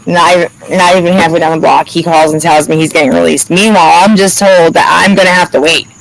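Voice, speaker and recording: A woman's voice: on the low side, fairly even intonation, fast, gravelly, poor audio. A woman vlogger telling a story in a casual, heated way, swearing often and acting out what each person said. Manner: heated, profane storytelling with lots of reported dialogue.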